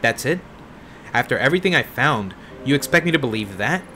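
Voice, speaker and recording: A man's voice: medium pitch, expressive, a little fast, sharp tone, a little hiss or hum. A man voicing a young male detective in a game, insistent, demanding the truth.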